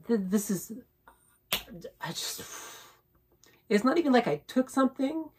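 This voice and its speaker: This woman's voice is fairly high, husky and darkish, with big pitch swings, an unhurried pace and long pauses. As a vlogger recounting a personal story, she rambles repetitively, keeps saying "right?", and builds indignant emphasis on her points.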